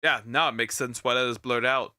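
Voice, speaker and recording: A male streamer reacting to videos, excitable and profane, often stammering. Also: medium pitch, fairly quick, smooth, no room sound. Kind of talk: reaction commentary.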